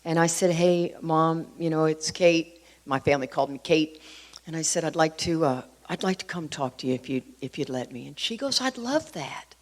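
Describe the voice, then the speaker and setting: A middle-aged woman from Houston, speaking to a recovery group, telling her story in an animated way with emphatic asides. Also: low voice, normal speed. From Houston, Texas. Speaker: AA workshop speaker. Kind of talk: personal recovery talk to a group.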